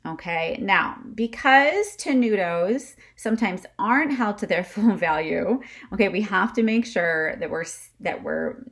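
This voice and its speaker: A woman's voice: medium pitch, animated, unhurried, a bit bright. A woman teaching a music lesson to camera, chatty and often checking in with "okay?", demonstrating breath kicks with short huffs. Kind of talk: instrumental lesson video.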